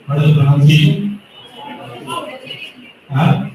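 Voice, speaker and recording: A man's voice: a little high, mellow, slight background noise. A man, judging a speech competition and correcting students' pronunciation. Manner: slow, explains pronunciation rules. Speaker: competition judge. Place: school hall. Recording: echoey hall, from far off.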